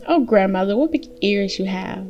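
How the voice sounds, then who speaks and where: A woman's voice: medium pitch, expressive, moderate pace, darkish tone, dull audio, soft background music, lightly acted. A woman voicing an innocent, trusting young girl in a read-aloud fairy tale. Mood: wondering.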